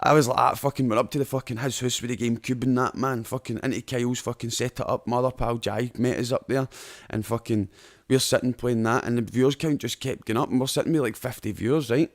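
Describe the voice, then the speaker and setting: A man's voice: mid-range voice, steady tone, fast. A young Scottish man hosting a podcast, telling a sweary story with lots of laughter. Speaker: podcast host. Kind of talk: casual chat.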